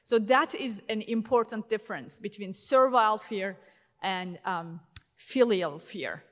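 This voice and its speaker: A woman's voice: medium pitch, unhurried. A woman in her thirties giving a conference talk in a casual, conversational way, full of fillers and restarts. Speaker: conference speaker. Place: large conference hall. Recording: long hall reverb.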